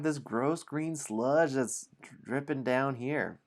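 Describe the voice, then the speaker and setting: A man narrates a dungeon adventure for a game stream at an unhurried pace. His voice sits in a middle pitch, and he moves between storytelling and a casual walk through the game sheets.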